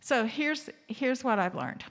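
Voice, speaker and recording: A woman's voice: sits high, animated, slow pace, fairly bright tone. Woman hosting a humorous talk in a hall. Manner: candid and humorous, asks the audience questions. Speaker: assembly host. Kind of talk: storytelling talk to a live audience. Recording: reverberant hall.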